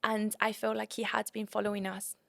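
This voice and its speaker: A young woman from the UK and Spain, hosting a podcast and telling a travel story in a casual, animated way, often calling her listeners "guys". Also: medium pitch, brisk, gravelly. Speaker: podcast host.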